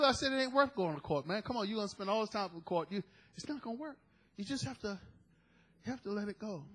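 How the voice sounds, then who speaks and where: A middle-aged man preaching a sermon, telling a story with animated quoted dialogue. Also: high-pitched, quick pace, slightly rough, low-quality recording.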